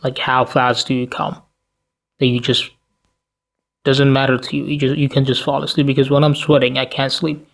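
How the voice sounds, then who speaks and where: A sleepy man rants straight to camera in an ordinary mid-pitched voice. His talk is crude and cutting, full of rhetorical questions and swearing. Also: level tone, normal speed, vocal fry. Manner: profane, blunt, rhetorical questions. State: tired, sleepy. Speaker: commentary vlogger. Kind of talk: ranting commentary to camera.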